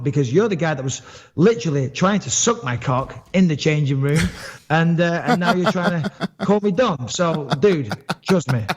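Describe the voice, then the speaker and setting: A man's voice: on the high side, husky, dull audio. A man hosting a podcast in casual chat, a rambling storyteller who swears freely. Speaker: podcast host.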